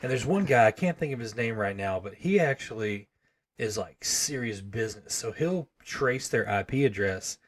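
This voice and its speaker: A man's voice: on the low side, animated, normal speed. A man co-hosting a casual podcast, talking easily and laughing often. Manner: laid-back, laughs often. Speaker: podcast co-host. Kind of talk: casual chat.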